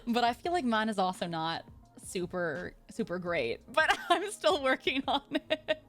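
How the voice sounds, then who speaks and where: An American woman voice actor hosts a relaxed interview. Her voice sits a little high, and she sounds bubbly and encouraging, giggling between her questions. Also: a little slow, soft background music. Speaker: host, voice actor. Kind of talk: casual interview chat.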